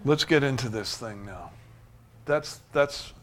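A man preaching a sermon as pastor, emphatic, swinging from loud rises to soft asides. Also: medium pitch, animated, slow.

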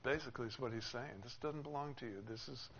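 Man preaching with animated emphasis. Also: medium pitch, quick pace. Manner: expressive, acts out quoted speakers with rising emphasis. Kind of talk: sermon. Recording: slightly dull with faint noise.

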